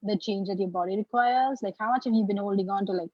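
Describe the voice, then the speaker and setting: Woman, guest, husky voice, animated storytelling, video call, dull dry sound. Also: mid-range voice, fast talker, no room sound. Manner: animated, talks in storytelling bursts full of "like". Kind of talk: casual conversation.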